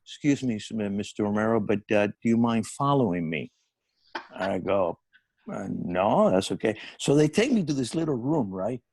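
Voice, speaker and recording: A man's voice: mid-range voice, breathy edge, no room sound. A middle-aged man telling a long comic story on a podcast, laughing through his own punchlines. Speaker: comedy podcast co-host.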